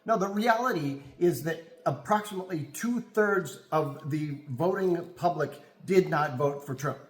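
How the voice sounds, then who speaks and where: A man co-hosts a casual chat, talking in stops and starts as he reaches for the right words. His voice runs slightly high, and it is recorded in a room with a strong echo. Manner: halting, searching for words. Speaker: podcast co-host.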